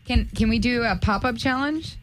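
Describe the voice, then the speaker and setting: A woman hosting a casual chat, animated and quick with exclamations. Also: on the high side, slight background noise, poor audio. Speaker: host.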